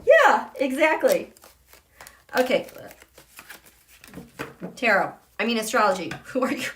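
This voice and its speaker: A woman hosting a live tarot and astrology stream, excitable and gushing, swinging between loud exclamations and soft murmurs. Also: a little high, takes it slowly, slight background noise. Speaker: tarot and astrology channel host.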